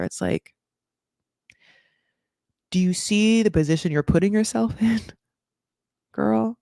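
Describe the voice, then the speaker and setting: Female host, gravelly, dry close sound, opinionated casual chat. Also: medium pitch, takes it slowly, long pauses, warm tone, dry recording. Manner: chatty and opinionated, many "like" fillers. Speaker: podcast host recapping a reality show.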